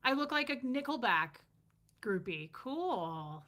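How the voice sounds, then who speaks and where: Middle-aged woman, livestream host, bright voice, chatty and joking with viewers. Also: mid-range voice, lively intonation, moderate pace. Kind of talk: casual livestream chat.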